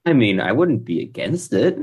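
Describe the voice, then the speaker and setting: A man's voice: mid-range voice, very animated, normal speed, a little mellow, husky. A man co-hosting a podcast who chimes in with teasing follow-up questions in casual chat. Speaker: podcast co-host.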